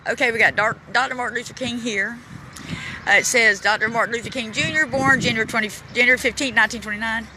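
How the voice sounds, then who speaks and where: A man's voice: very high voice, steady tone. A man walks through a city park, filming on his phone and reading plaques aloud in a casual, emotional way. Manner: emotional, chokes up, reads plaques aloud haltingly. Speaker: vlogger touring a memorial park. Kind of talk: casual walking vlog narration. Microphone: handheld phone camera. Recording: outdoor phone recording with traffic noise. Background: street and traffic noise.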